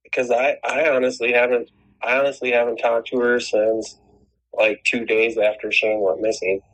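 A man's voice: medium pitch, little pitch movement, moderate pace, a bit bright, low-quality recording. A man telling a long personal story in casual chat, rambling and swearing, with many restarts. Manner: rambling, profane, frequent restarts.

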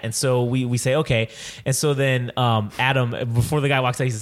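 A man's voice: mid-range voice, brisk. A man co-hosting a podcast, rambling and swearing as he retells a wild dream to his friends in casual chat. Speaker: podcast co-host. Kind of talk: casual storytelling among friends.

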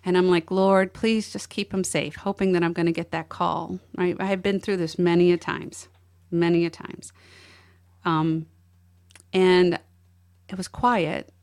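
A woman's voice: lowish voice, level tone, unhurried, darkish tone, clean tone. Earnest middle-aged woman telling her story. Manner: earnest, emotional storytelling with restarts. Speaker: guest. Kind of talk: personal testimony in an interview.

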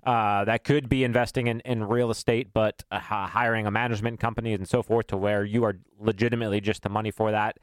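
A man hosting a podcast, giving advice in a measured, thoughtful way with frequent fillers. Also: fairly low pitch, level tone, no room sound. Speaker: podcast host.

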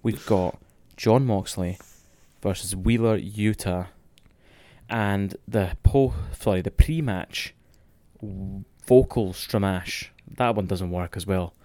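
A young Scottish man recapping a wrestling match in casual, excitable, sweary podcast chat. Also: lowish voice, takes it slowly, no echo.

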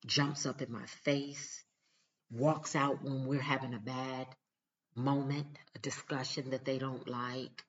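A woman's voice: rumbling low, flat delivery, takes it slowly, lo-fi sound, a little hiss or hum. A mother talking straight to her viewers in a casual vlog, earnest, emphatic and direct. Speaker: mother giving relationship advice.

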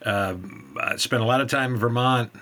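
A man's voice: mid-range voice, fairly even intonation, moderate pace, pushed and bright. A man from New Jersey co-hosting a casual podcast, chatty and enthusiastic. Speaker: podcast co-host.

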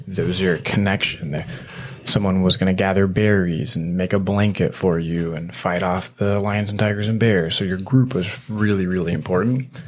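A male podcast host explaining ideas in a rambling, teasing way, with lots of filler words. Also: sits low. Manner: rambling, teasing, heavy "you know" fillers. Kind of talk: casual conversational explaining.

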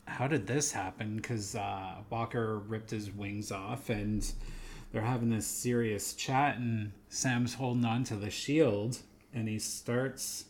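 A man co-hosting a casual podcast, recapping scenes in a loose, rambling way. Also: on the low side. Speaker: podcast co-host. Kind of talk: casual show discussion.

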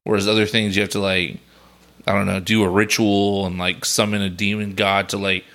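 A man's voice: on the low side, flat delivery, brisk, a bit bright. A young man co-hosting a podcast, chatting casually and at length in a laid-back, talkative way. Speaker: podcast co-host. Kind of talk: casual chat.

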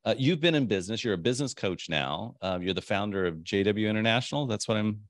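A man's voice: on the low side, lively intonation, fast, dry recording, studio quality. Chatty man hosting a podcast. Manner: chatty, rambling, laughs often. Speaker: podcast host. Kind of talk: casual interview chat.

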